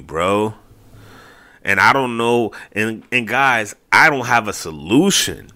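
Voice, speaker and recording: A man's voice: on the low side, sharp tone. A man hosting a solo sports podcast, talking casually and animatedly with lots of fillers. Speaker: podcast host.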